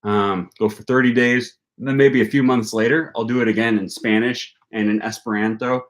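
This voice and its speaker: A man's voice: mid-range voice, fairly even intonation, normal speed. A young man from Wisconsin with a Wisconsin accent, hosting a casual livestream and thinking aloud with plenty of ums and likes. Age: young adult. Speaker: language-learning channel host. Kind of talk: casual livestream chat with viewers.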